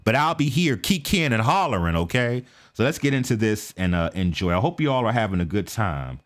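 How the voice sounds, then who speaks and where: An American man giving casual, talkative commentary on a live stream. He keeps checking in with "okay?" and mutters quietly to himself while he sets things up. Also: fairly low pitch, sing-song, fairly quick. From United States. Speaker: reaction video streamer.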